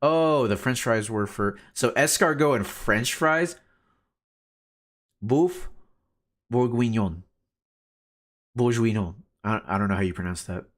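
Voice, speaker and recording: A man's voice: mid-range voice, expressive, a little slow, a bit bright. A man streaming a game, chatting casually with his chat and laughing often. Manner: laid-back, laughs often, reads chat aloud.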